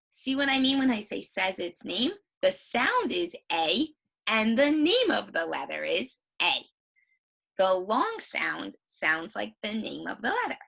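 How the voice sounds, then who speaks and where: A woman teacher giving a recorded phonics lesson for children, sounding out vowels slowly and repeating each one with emphasis. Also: medium pitch, big pitch swings, gravelly, pushed and bright, slightly rough.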